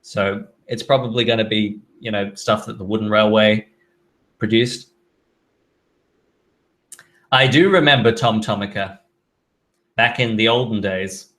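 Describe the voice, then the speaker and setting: At a measured pace with frequent pauses, a man speaks in a lowish, slightly bright voice with fairly even intonation. He hosts a casual live stream, reading viewer questions from chat and answering them offhandedly with fillers.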